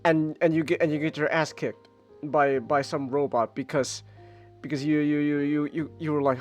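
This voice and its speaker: A man hosting a casual podcast, ranting in an animated, exasperated way with mocking asides. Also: a little high, normal speed, soft background music. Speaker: podcast host. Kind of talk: casual chat. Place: home streaming setup.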